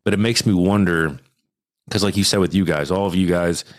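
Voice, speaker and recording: A man with a very low voice tells a story on a podcast in a loose, animated way, swearing freely. The sound is dry and close. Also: a little fast, dry recording. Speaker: podcast host. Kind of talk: casual podcast chat.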